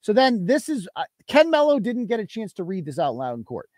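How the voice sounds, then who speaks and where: A male podcast host delivers indignant live commentary in a high, highly animated voice. He stresses his points with mounting disbelief. The recording is close and dry. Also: a little fast, no echo. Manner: indignant, emphatic, incredulous.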